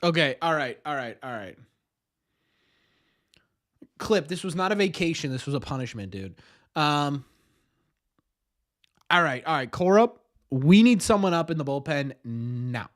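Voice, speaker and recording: Young male streamer host, excitable and self-deprecating, lively pitch swings. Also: a little slow, long pauses. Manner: excitable, self-mocking banter with chat. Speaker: livestream host. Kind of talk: casual live watch-party chat.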